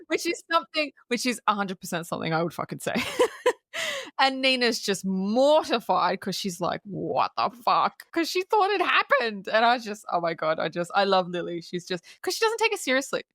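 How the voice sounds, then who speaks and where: A woman co-hosting a podcast in casual film-review chat, retelling scenes in an animated way with frequent laughs and swearing. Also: medium pitch, brisk, dry recording, clean studio sound. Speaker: podcast co-host.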